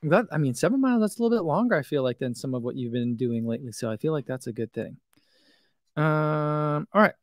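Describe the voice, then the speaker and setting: A man's voice: fairly high pitch, animated, brisk, no echo, studio quality. A man, hosting a running channel and chatting casually through live comments with lots of fillers and self-deprecating asides.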